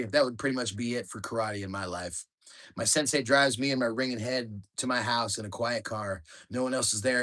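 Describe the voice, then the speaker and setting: Man, author narration, memoir reading, plain storytelling, medium pitch. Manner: plain storytelling, shouting out quoted lines.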